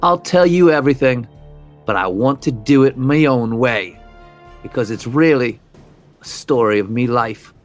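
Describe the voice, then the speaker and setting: A man voicing a calm, self-absorbed British killer in a casual, chatty manner. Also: mid-range voice, a little slow, soft background music, natural voice.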